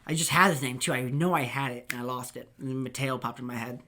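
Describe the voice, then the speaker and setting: A man's voice: medium pitch, quick pace, bright, forceful tone, slight background noise. A young man hosting a casual podcast chat, telling rambling work stories with laughter and swearing. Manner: rambling, laughing, swears, acts out quoted people. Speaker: podcast host.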